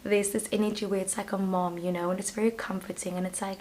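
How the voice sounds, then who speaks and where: A South African woman talks through a pick-a-card tarot reading in a loose, conversational way. She rambles and fills her sentences with "like". Her voice sits at a middling pitch. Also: quick pace, few pauses, dark tone, a little hiss or hum. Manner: chatty and rambling, leans on "like". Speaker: tarot reader.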